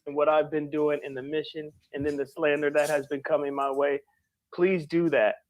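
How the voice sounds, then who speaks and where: Man near tears in a played clip, a touch high-pitched, pleads haltingly and repeats himself. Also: flat delivery. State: tearful. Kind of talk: emotional appeal to viewers.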